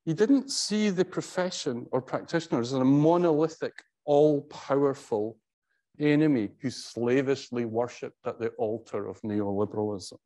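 Middle-aged male professor, mid-pitched, halting and wry tribute speaker. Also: warm tone. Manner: conversational, halting with frequent restarts; wry storytelling. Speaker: professor giving a tribute talk. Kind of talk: anecdotal tribute speech.

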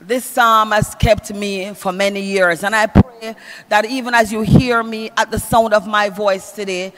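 A woman's voice: mid-range voice, fairly even intonation, unhurried. Woman, funeral eulogy, sing-song preaching, long church reverb, faint music behind. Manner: sing-song preaching cadence, calls to the congregation. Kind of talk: funeral eulogy with scripture reading.

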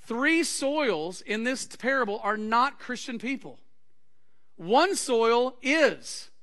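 A male pastor preaching a sermon to his congregation, acting out anecdotes and quoted conversations with lively energy. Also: extremely high pitch, takes it slowly. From Texas. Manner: animated preaching with acted-out anecdotes. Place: church sanctuary.

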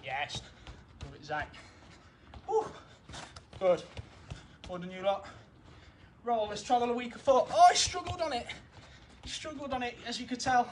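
A high-voiced young man runs a football session outdoors in a garden. He sounds winded, keeps up steady encouragement and counts each drill down. The camera mic picks up a faint hum of the outdoors. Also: a little slow, long pauses. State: out of breath. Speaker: football coach.

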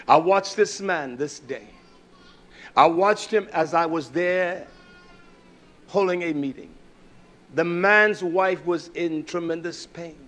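Middle-aged man, preacher, somewhat high voice, sermon, shouts then drops to a mutter. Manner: swings from shouted preaching to low muttered storytelling.

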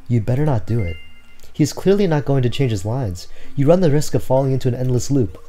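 Male let's-player reading game text aloud, mellow and warm, awkward and self-deprecating, faint music behind. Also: mid-range voice, animated, brisk. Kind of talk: reading a game's dialogue aloud.

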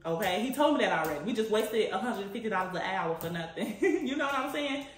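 A woman's voice: medium pitch, lively intonation, fast talker, slight background noise. A young woman chatting casually to camera, laughing often as she answers viewer questions. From Chicago. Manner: chatty, laughs often, says "you know what I'm saying". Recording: echoey room.

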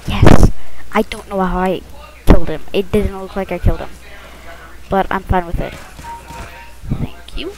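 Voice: medium pitch, steady tone, a little fast, loud music behind the voice, rough recording. A first-time gamer commentating their own shooter match in a casual, rambling, self-conscious way, with muttered asides, recorded at home on a close mic that the lips bump.

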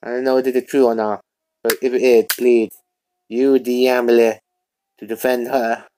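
A man's voice: mid-range voice, flat delivery, normal speed, darkish tone, a little hiss or hum, close to an everyday voice, rough recording. A man voicing a solemn male vet who pleads earnestly and stumbles over his words in a fan comic dub.

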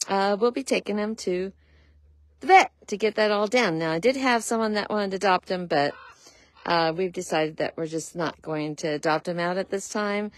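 A woman from a horse rescue walking through the barnyard, explaining each animal's care in a casual vlog and cooing to them in a high sing-song. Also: normal speed, no room sound. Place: outdoors at a farm with horses.

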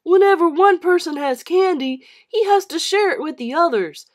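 A woman voicing a mean, sly schoolboy bully in a storybook reading, yelling and sneering. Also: very high voice, animated, moderate pace, pitched above the performer's own voice.

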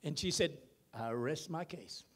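A male pastor preaching a sermon in a church, with emphatic bursts and drawn-out words. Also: a little high, fairly bright tone. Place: church sanctuary.

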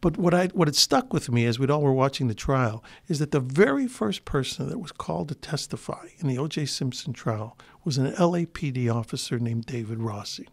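This older Chicago man speaks with a medium-pitched, gravelly voice, brisk and lively in intonation, with few pauses. He's a guest actor in an interview, spinning long, rambling stories that keep restarting in a relaxed storytelling mood.

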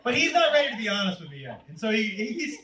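A comedian in his forties telling a family story on stage in an animated, conversational way. His voice sits high for a man. He sounds distant in a roomy space with loud noise behind. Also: fast talker. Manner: animated, conversational, punchline-driven. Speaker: stand-up comedian. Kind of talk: stand-up storytelling.

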